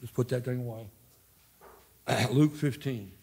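A Midwestern American man in his fifties leads a casual church Bible study as pastor emeritus. His mid-pitched voice rambles in a folksy way, often stopping partway through a thought and starting over. He speaks to a class gathered in a church room. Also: measured pace, creaky, darkish tone, breathy edge. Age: 50s. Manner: folksy, rambling, self-interrupting. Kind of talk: informal Bible study teaching.

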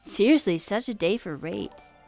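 A woman's voice: sing-song, normal speed, a little mellow, faint music behind. Chatty self-deprecating woman streamer. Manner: pitch leaps high mid-sentence. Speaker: coding streamer. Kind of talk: casual live-stream chat.

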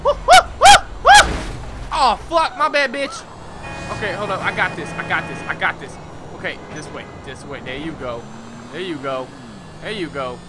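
A man giving casual gameplay commentary, excitable and whooping, with lots of cursing and trash talk. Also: on the high side, normal speed. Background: game music and car sounds.

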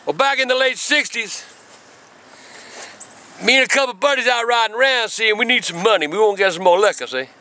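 A man, telling a rambling story full of cursing that breaks into shouting. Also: high-pitched, expressive, fairly quick, pauses often. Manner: cursing, repetitive, bursts into shouting. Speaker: channel regular.

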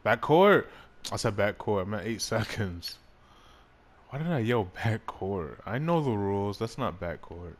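A man casually commenting on his own basketball video game, excitable, swearing and laughing at himself. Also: on the low side, normal speed. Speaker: gaming YouTuber.

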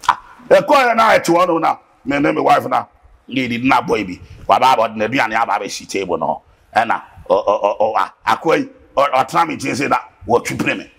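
A man with a Ghanaian accent, a guest preacher in an interview, talking in an animated, preachy way that bursts into shouting. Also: medium pitch, a little fast, vocal fry, slightly rough. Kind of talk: impassioned interview talk mixing Twi and English.

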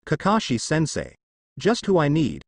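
A man's voice: on the high side, wildly swooping pitch, moderate pace, full character voice. A man reading as a brash, defiant teenage ninja boy. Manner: shouting, defiant. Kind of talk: fan fiction reading.

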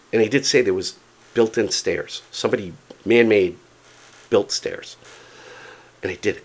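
A man casually telling a story to camera, chatty and animated, often repeating himself for emphasis. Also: on the low side, slightly rough. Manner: excited, determined. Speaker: vlogger.

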